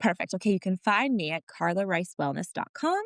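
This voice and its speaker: A woman's voice: fairly low pitch, sing-song, brisk, no room sound, clean studio sound. A woman guest on a podcast, telling family stories frankly and with feeling, now and then swearing mildly. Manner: emotional storytelling, frank with mild swearing. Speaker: podcast guest, wellness practitioner. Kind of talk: casual interview chat.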